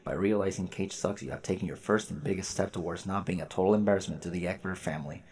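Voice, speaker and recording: A man voicing a crude middle-aged father reading out a gruff, mock-solemn letter to his son. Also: deep voice, steady tone, quick pace, a little mellow, pitched below the performer's own voice.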